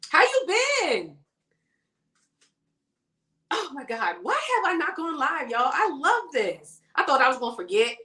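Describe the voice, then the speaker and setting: A woman's voice: high voice, very animated, normal speed, few pauses, pushed and bright. A woman hosting a casual makeup livestream, chatting with viewers and calling them y'all and girl as she works. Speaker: beauty livestream host. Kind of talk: casual chat while doing makeup. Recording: echoey room sound.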